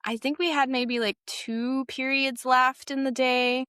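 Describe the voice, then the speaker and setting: A young woman tells a painful story from her past, her voice sitting a little high. She speaks haltingly and with feeling, often pausing on fillers as she searches for words. The sound is dry, with no room around it. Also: flat delivery, pushed and bright, clean tone, no room sound. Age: young adult. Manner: halting, emotional retelling with frequent fillers. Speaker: guest sharing a personal story. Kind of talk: personal storytelling.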